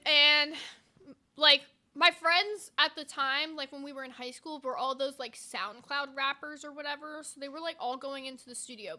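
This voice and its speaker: A young woman chats on a casual podcast, her voice high and very bright. She tells stories in an animated, profane way, scattering "like" through every sentence. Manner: profane, animated storytelling with frequent "like". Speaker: podcast co-host. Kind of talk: casual storytelling chat.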